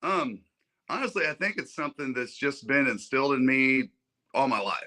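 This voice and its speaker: A man's voice: medium pitch, expressive, moderate pace, pushed and bright. A man in his forties, a podcast guest, talking earnestly and humbly in a rambling way. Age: 40s. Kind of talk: casual chat.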